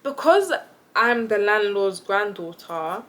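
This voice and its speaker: A woman's voice: medium pitch, moderate pace, fairly bright tone. A young woman talking to camera, telling a story in a chatty, exasperated way and often addressing her viewers. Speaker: vlogger.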